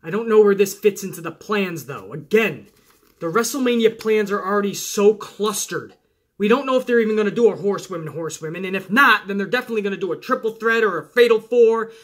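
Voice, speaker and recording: A man hosting a casual wrestling podcast, animated and chatty, swearing and talking straight to his listeners. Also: high-pitched, fast talker. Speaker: podcast host.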